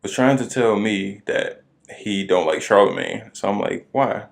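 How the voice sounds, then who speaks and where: A young man with a lowish voice co-hosts a podcast, bantering and joking in an animated way. His delivery is loose and conversational. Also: unhurried, gravelly. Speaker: podcast co-host. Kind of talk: casual chat.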